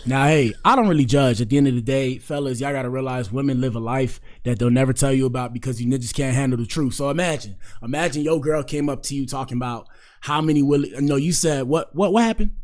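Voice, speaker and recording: A man hosts a casual reaction show in an everyday, mid-pitched voice. He talks straight at his viewers, animated and loose, full of slang and catchphrases. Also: fast talker. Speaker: host of a commentary show.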